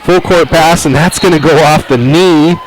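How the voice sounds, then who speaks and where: A man's voice: on the high side, some chatter behind, rough recording. Midwestern man calling basketball. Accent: Midwestern American. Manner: brisk, calls each play as it happens. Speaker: play-by-play announcer. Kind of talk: live basketball commentary. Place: high school gym at an armory.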